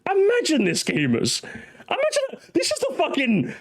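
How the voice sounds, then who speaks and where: A man's voice: extremely high pitch, wildly swooping pitch, normal speed. A young man hosting a reaction commentary, ranting, mocking and swearing as he talks. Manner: ranting, mocking, profane, laughing. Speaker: commentary host.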